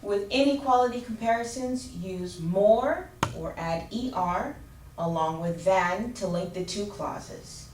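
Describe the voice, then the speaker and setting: A woman teaches grammar at an unhurried pace, spelling out endings letter by letter. She sounds a little far from the mic, in an echoey room with a faint hum of ambience behind her. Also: medium pitch. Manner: slow, clear teacherly explanation with spelled-out letters. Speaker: ESL teacher. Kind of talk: grammar lesson.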